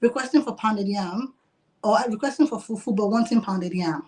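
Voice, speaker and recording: A woman's voice: mid-range voice, moderate pace, a little mellow. Woman restaurant owner, casual and giggly, talks on a video call. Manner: chatty, laughs often, uses "like" a lot. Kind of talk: casual interview.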